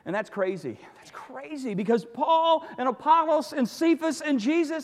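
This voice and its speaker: Man, pastor, sermon, animated storyteller, joking asides, lively pitch, reverberant church hall. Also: moderate pace, hardly any pauses.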